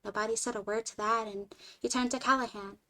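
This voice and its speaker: A woman streamer reading a short story aloud in an expressive way, moving between lively and hushed delivery. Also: a little high, fairly quick.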